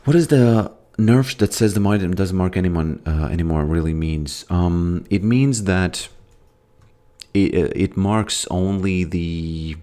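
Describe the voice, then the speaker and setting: Deep-voiced guy w american accent chatting thru a game stream, rambly, lots of um and you know. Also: slow, warm tone. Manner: rambling, loose, with frequent fillers and trailing thoughts. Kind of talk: casual gameplay commentary, reading chat aloud.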